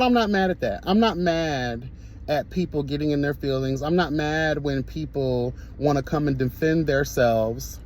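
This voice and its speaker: A man's voice: a little high, rough recording. A man delivering a sassy, flamboyant commentary rant as an online reviewer, dramatic and full of cussing and catchphrases, a little sweaty from the gym.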